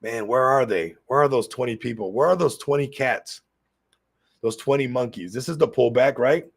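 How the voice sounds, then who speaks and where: A man hosting a casual crypto livestream, excitable and hyped, constantly talking to his viewers while a little sick. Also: medium pitch, moderate pace, husky.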